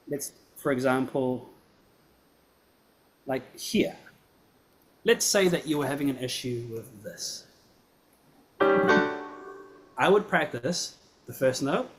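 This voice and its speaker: After a student plays, a male piano teacher offers patient, friendly, encouraging feedback. His voice is even and mid-range, and he repeatedly checks that the student is following with a "right?" or "yeah?".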